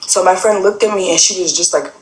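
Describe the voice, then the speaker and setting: Low-voiced young woman telling a story in a roomy space. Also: fast. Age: young adult. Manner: rambling, many fillers and quoted dialogue. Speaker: guest sharing a personal story. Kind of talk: casual personal storytelling. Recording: roomy echo.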